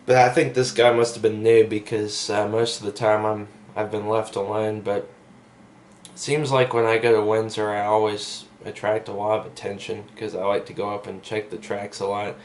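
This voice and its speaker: A man's voice: lowish voice, flat delivery, normal speed, a little mellow, slight background noise. A young man telling a story in a casual vlog, rambling with lots of fillers and asides, recorded on a camera mic. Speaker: vlogger.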